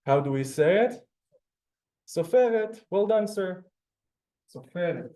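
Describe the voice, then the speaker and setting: A man's voice: high voice, animated, moderate pace, mellow. Patient man teaching a class. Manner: patient, step-by-step explaining, often checking in with the class. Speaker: Hebrew teacher. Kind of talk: classroom lesson.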